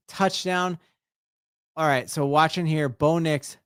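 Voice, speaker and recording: A man hosting a live play-by-play watch-along as a sports fan, excitable and breaking into shouted exclamations, rambling and restarting his sentences. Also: on the high side, slow, long pauses, clear, resonant tone, dry recording, clean studio sound. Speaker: sports fan stream host.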